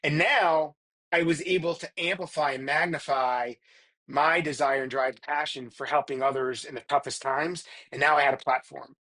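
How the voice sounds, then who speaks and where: A man's voice: on the high side, steady tone, normal speed, bright, forceful tone. A middle-aged man speaking earnestly as a guest on a casual podcast interview, often restarting his sentences. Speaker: guest, performance psychologist.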